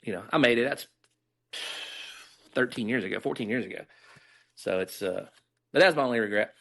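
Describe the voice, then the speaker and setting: A man's voice: mid-range voice, a little fast, creaky, pushed and bright. A middle-aged man, candidly telling stories as a guest in a casual interview and acting out the dialogue he quotes.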